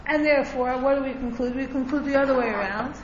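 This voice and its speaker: A high-voiced woman gives a religious class in a relaxed, conversational way and keeps checking in with her listeners. The recording is echoey and a little dull, with a faint hiss underneath. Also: fast talker. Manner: conversational, checks in with frequent "right?". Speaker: Torah teacher.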